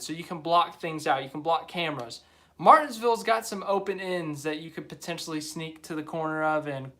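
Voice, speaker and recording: A man's voice: a little high, sharp tone. A young man hosting a live stream, chatting casually and rambling as he reads viewer comments aloud. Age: young adult.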